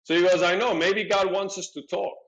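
As a podcast guest, a middle-aged man recounts a personal story in a high-pitched voice at a fairly quick clip. He's animated, acting out his own lines and those of the people he quotes, and he sprinkles in "you know" frequently. The audio quality is poor.

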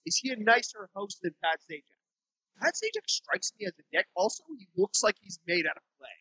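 A man with a high voice that swoops up and down with lively energy, cracking jokes and laughing as he chats on a podcast. He swears freely and keeps the talk loose. The sound is close and dry, with no room echo. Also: fairly quick, breathy edge. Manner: laughs often, swears freely, joking and animated. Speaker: podcast co-host. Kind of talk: casual chat. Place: temporary studio.

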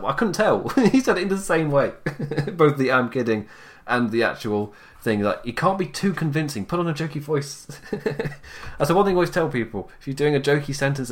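A young man casually recapping a wrestling show, chatty and laughing often, acting out quotes in mock voices. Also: medium pitch.

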